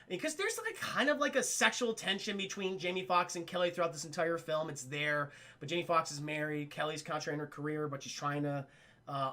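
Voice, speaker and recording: A man's voice: fairly high pitch, bright, forceful tone. A man giving a casual, profane film review to a live chat, laughing often.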